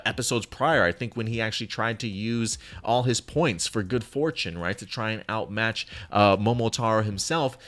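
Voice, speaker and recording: Male host, lowish voice, loose enthusiastic review chatter full of "um" and "you know.". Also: fairly bright tone. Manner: enthusiastic, rambling with many fillers. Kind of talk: casual video review commentary.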